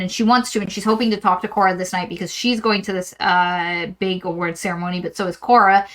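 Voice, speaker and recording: A woman co-hosting a book podcast, recapping a novel in a rambling, animated way and acting out quotes from it. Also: mid-range voice, poor audio. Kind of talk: casual book discussion.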